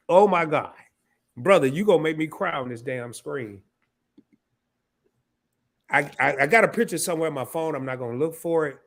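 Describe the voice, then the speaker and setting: A man's voice: a little high, a bit bright. A man in his fifties hosting a live stream, casual and emotional, sniffling and stammering through restarts as he talks. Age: 50s.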